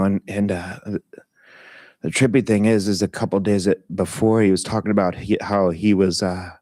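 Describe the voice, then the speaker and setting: A middle-aged man tells a personal story in a loose, candid way, full of fillers, laughs and casual swearing. His voice sits a little low, and the recording is dry and close, with no room sound. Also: a little mellow, no room sound. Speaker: meditation talk leader.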